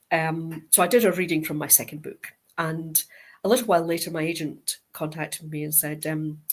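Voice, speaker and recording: A middle-aged Scottish woman, a guest author in an interview, telling stories with lively acted-out quoted dialogue. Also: sits low, breathy edge. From Scotland. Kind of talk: interview anecdote.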